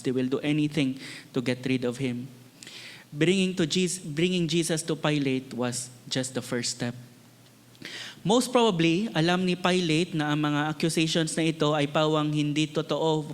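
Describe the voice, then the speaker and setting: A Filipino-accented man preaching an earnest sermon, his voice sitting a bit higher than most men's. He repeats key words to drive them home. A long reverb from the church hall trails behind each phrase. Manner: earnest preaching, switching between English and Tagalog, repeating words for emphasis. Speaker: pastor.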